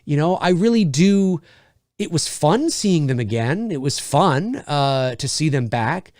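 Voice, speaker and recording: A man's voice: a little high, lively intonation, unhurried, darkish tone, no echo, clean studio sound. A man, a screenwriter, giving a casual spoken review of a film and thinking aloud as he restarts his sentences.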